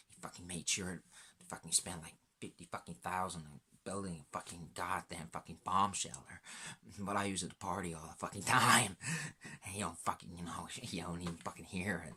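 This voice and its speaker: A man's voice: low voice, pushed and bright, slight background noise. A man in a rambling, profanity-laden monologue as a laid-back self-described stoner, sometimes dropping into a whisper.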